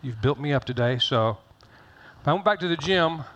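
A man's voice: fairly high pitch, animated, normal speed, a bit bright, slight background noise. A middle-aged man pastor giving a conversational sermon, folksy and joking, repeating phrases for emphasis.

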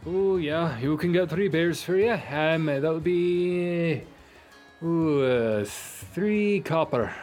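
Man playing a high, chirpy barkeep, eager to please, for a tabletop game. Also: animated, slow pace, a little mellow, faint music behind. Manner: chirpy, obliging. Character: friendly eager male tavern bartender.

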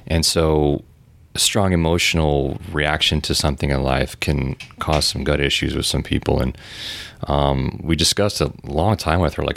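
Very deep gravelly man, casual talk. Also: fairly even intonation, moderate pace, fairly bright tone, dry recording. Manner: storytelling, loose and rambling with many fillers. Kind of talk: casual podcast conversation.

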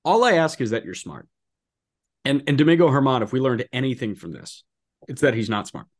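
Man, podcast co-host, casual sports chat, incredulous outbursts, mid-pitched voice. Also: a little fast. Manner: animated, incredulous outbursts, many fillers. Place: apartment.

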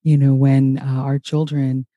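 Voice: mid-range voice, little pitch movement, measured pace, mellow, dry recording. An interviewer responding in an affirming, reflective way. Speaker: host. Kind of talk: warm supportive interview talk.

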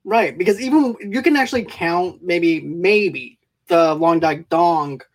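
A woman's voice: fairly low pitch, measured pace. A woman co-hosting a casual movie chat, agreeable and recapping scenes in a conversational way. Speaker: podcast co-host.

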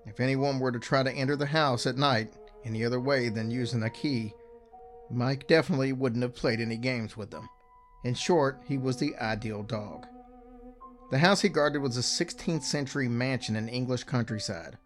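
An older man telling a first-person story in a calm, measured way, softening his voice on eerie details. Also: mid-range voice. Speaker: narrator. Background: faint music.

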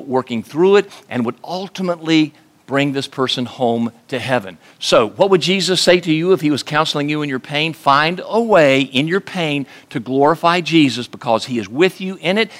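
A man preaching an earnest radio sermon as a pastor, slowing down to stress key words. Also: fairly high pitch, fairly bright tone.

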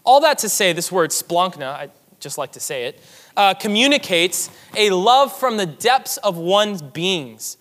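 A man's voice: sits high, sing-song, unhurried, a bit bright, long reverb tail. A man preaching a sermon as pastor, earnest and emphatic, repeating key phrases for weight.

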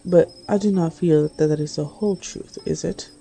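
A woman voicing a cold, predatory male demon lord who speaks in a calm, measured, commanding way. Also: low-pitched, creaky, slight background noise.

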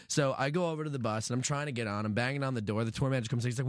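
Profane, animated man telling a story. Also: medium pitch, rapid-fire, few pauses, dry recording, studio quality. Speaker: podcast guest. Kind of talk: casual storytelling.

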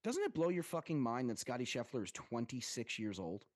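A man of medium pitch co-hosts a golf podcast, talking fast and loose with plenty of swearing and filler words. His voice is close and dry, with no room sound. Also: no room sound. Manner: animated, profane banter with frequent "like" fillers. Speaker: podcast co-host. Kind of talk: casual podcast chat.

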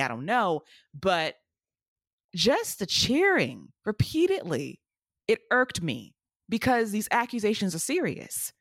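A woman's voice: mid-range voice, a bit bright, no room sound, studio quality. A woman co-hosting a podcast, talking bluntly and emphatically in casual chat, with some profanity. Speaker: podcast co-host.

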